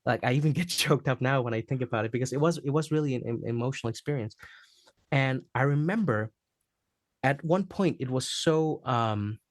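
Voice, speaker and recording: A man's voice: medium pitch, fairly quick, no room sound, clean studio sound. A man guest on a podcast, telling a personal story in a casual interview and acting out the quotes. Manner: animated storyteller, acts out quotes, laughs often. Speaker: podcast guest, actor and singer.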